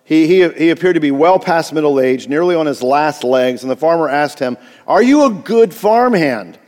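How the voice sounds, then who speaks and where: A man's voice: fairly high pitch, a little fast, a little mellow, in a large hall. A male pastor preaching a sermon, telling a story with frequent restarts and asides.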